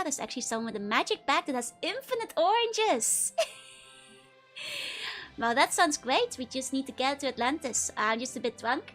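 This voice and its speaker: A young woman chats with her stream audience in a bright, high voice. She giggles all the time and teases her viewers playfully. Faint music plays quietly in the background. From Netherlands. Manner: giggly, laughs constantly, playful teasing. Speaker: VTuber streamer. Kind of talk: casual live-stream chat reading viewer messages.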